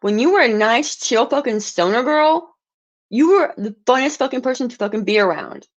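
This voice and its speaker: A woman's voice: fairly high pitch, lively intonation, normal speed, lo-fi sound. A woman livestreaming an angry, profane rant, stumbling and restarting words as she gets heated.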